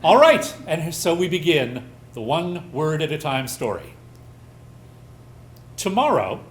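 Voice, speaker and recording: Lively host explaining a stage game. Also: medium pitch, slow pace, a little hiss or hum. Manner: explaining rules, lively and loose. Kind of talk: live show hosting. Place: live stage in a pub.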